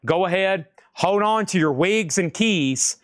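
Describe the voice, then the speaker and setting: Excitable man auctioning records live. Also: sits high, measured pace, no room sound, clean studio sound. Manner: excitable, jokey, exclamatory. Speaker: live-stream record seller.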